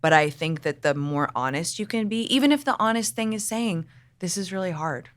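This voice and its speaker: A woman in her thirties hosting a podcast, affirming her guest and reflecting out loud to her listeners. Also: mid-range voice, expressive, a little fast. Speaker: podcast host. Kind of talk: casual chat.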